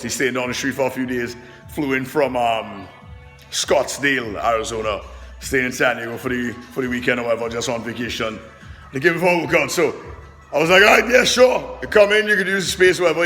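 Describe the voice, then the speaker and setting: A man who works as a personal trainer, talking to camera in a loud, animated, profane way, very expressive and passionate. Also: mid-range voice, long reverb tail. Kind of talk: loud casual monologue to camera. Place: fitness gym.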